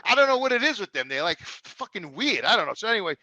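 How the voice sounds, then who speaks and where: Profane, high-pitched gravelly storyteller. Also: male voice, very animated, fast talker, bright, forceful tone, no room sound. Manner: swears constantly, rising to indignant outbursts. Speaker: show regular, storyteller.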